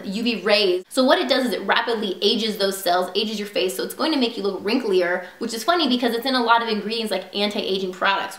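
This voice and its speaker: A woman's voice: on the high side, a bit bright. A woman beauty vlogger chatting casually and gushingly about products she loves. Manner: gushing, chatty, lots of "like" and "super". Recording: echoey room.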